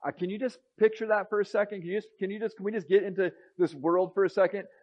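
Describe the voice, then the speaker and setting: A man preaching a sermon, reading scripture aloud and swinging between a near hush and raised emphasis. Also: sits high, quick pace, muffled recording. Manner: expressive, rising and dropping to a near hush.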